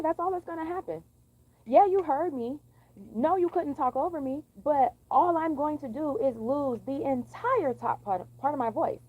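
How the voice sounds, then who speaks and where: A woman's voice: high voice, husky, phone-quality sound. A young woman venting in a blunt, profane, sassy monologue for her vlog. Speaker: vlogger.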